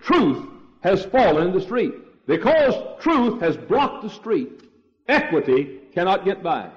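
Emphatic preacher on an old tape. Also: male voice, sits high. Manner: emphatic, repetitive preaching, rising to shouts on key words. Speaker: pastor. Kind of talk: old-fashioned sermon. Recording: dull lo-fi 1968 sermon tape.

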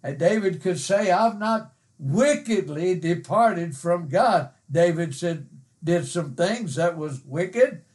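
A man delivers a sermon in a slow, measured way, pausing often with "uh" between earnest, emphatic phrases. His voice sits high for a man, and he quotes scripture in old-fashioned wording. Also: animated, a little mellow. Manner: earnest, emphatic, with frequent "uh" pauses. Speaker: preacher.

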